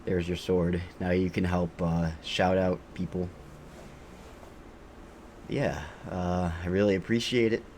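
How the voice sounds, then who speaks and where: A man's voice: sits low, flat delivery, slow, pauses often, a little mellow, a little hiss or hum. A man streaming a video game live, chatting casually in an offhand, rambling way with lots of fillers. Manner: rambling, offhand, thinks aloud with frequent fillers.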